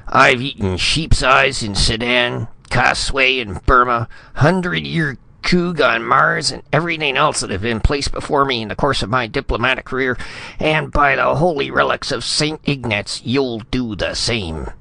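A man voicing a pompous older male ambassador who barks his lines in indignant, hoarse outbursts. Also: medium pitch, moderate pace, hardly any pauses, sharp tone, dry recording, pitched above the performer's own voice. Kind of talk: audiobook character reading.

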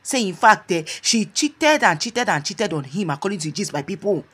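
A woman with a Nigerian Pidgin accent telling celebrity gossip to her viewers in a lively, chatty storytelling way, often calling out to "my people". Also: mid-range voice, moderate pace, husky. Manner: animated storytelling, repeats "my people". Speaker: gossip blogger. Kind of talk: casual gossip commentary.

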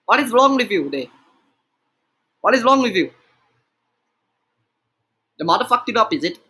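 A man putting on a mock Indian English accent, loudly scolding with broken-English questions. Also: high voice, big pitch swings, normal speed, heavily acted.

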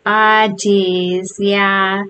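A woman's voice: mid-range voice, level tone, extremely slow, pushed and bright, a little hiss or hum. A woman reading the part of a gleeful schoolboy prankster in a storybook.

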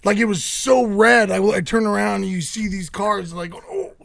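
A middle-aged man co-hosting a podcast, excitable and gushing as he talks about cars. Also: high voice, moderate pace, gravelly, a crowd in the background. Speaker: podcast co-host.

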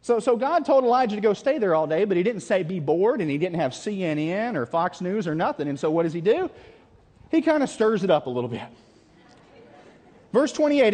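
A man with a high voice preaches a camp meeting sermon and reads scripture dramatically. He keeps calling questions out to his listeners. His voice rings with the long reverb of a large hall. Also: very animated, brisk, a little mellow. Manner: dramatic, calls out questions to the audience.

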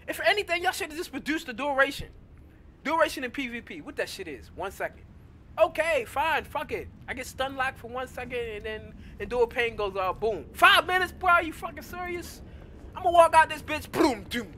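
A man's voice: very high-pitched, expressive, normal speed, sharp tone. A man giving an angry, profane rant about a game update, exasperated and laughing through his anger. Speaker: gamer.

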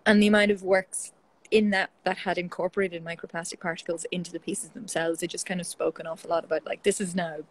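An Irish woman, a guest in a casual interview, telling stories in a lively, chatty way over a video call. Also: on the low side, poor audio. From Ireland.

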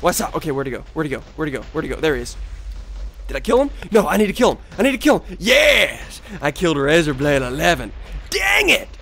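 A man with a stuffy, congested voice giving excitable live gameplay commentary as a video host, yelping and trash-talking opponents. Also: on the high side, racing.

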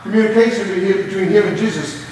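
High-pitched and darkish in tone, this pastor fires off his sermon rapidly in the church sanctuary, pushing toward rising emphasis and adding quoted asides. The recording is distant and echoes through the church hall.

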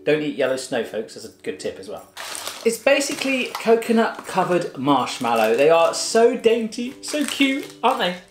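A man's voice: high voice, wildly swooping pitch, moderate pace, reverberant, faint music behind. A man hosting a food taste test in a home kitchen, chatting casually with playful jokes. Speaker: host.

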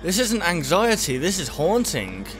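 A man's voice: high voice, sing-song, unhurried, fairly bright tone, soft background music. A young man, commenting as he plays a horror game on a headset mic and talking to himself as he gets easily startled. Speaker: gaming YouTuber.

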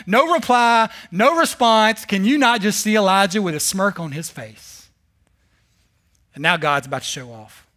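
A pastor delivers his sermon in a strikingly high voice with a bright, forceful edge. He tells the story in an animated way, laced with sarcastic humor, as he speaks to a church congregation. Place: church service.

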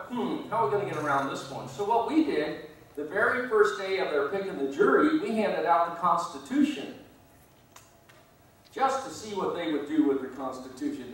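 Animated man telling stories in echoey room. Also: fairly high pitch. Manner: animated storyteller acting out both sides. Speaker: guest speaker. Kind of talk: public speech with anecdotes. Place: meeting room. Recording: very echoey room, distant mic, faint noise.

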